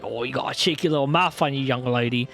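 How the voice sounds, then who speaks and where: A man's voice: mid-range voice, quick pace, fairly bright tone, soft background music, lightly acted. A man voicing a blustering middle-aged male police inspector from a game, with a threatening manner. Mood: menacing.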